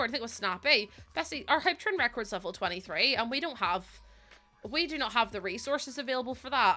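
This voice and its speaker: Chatting with her viewers mid-game on a live stream, a young woman from Northern Ireland giggles and gushes, close to tears from gratitude, in a Northern Irish accent. Her voice is fairly high, bright and forceful.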